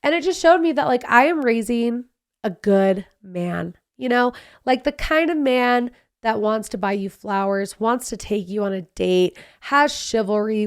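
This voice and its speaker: A woman in her thirties talks through her week on her own podcast, chatty and animated. She tells stories quickly, with lots of asides. Her voice sits a bit high. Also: clean tone. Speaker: podcast host. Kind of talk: casual solo podcast chat.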